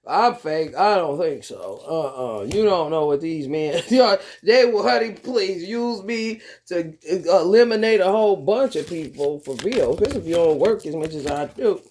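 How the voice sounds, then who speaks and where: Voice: mid-range voice, darkish tone. Chatty vlogger rambling to the camera, lots of slang and cussing, laughs a bunch, keeps saying honey. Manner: loose, slangy and profane, laughs often, calls listeners honey and baby. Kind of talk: casual monologue.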